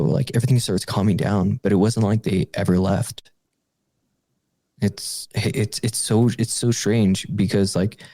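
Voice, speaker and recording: A young man with a low, gravelly voice recalls a frightening childhood encounter as a podcast guest. His telling halts and restarts, full of fillers and small nervous laughs. The sound is dark and dry, close to the mic. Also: no room sound. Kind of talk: recounting a personal paranormal story.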